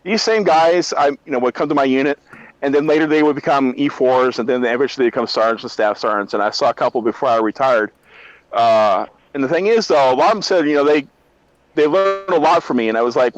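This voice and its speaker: A man who is a retired army drill sergeant, telling profane, animated barracks stories in casual chat. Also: medium pitch, fast, highs cut off.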